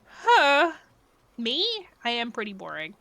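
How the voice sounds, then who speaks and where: A woman streamer chats casually with her live chat, playful and giggly, laughing often and sometimes slipping into quiet, mumbled asides. Her voice is a little high with wildly swooping pitch, slow and creaky, and the recording is dry.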